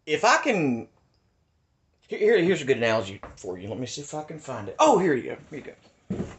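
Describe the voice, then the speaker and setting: A man's voice: a little high, wildly swooping pitch, fairly quick, slight background noise. A man in a heated, insistent monologue at his house, repeating his points and ranting. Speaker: video maker ranting on his channel.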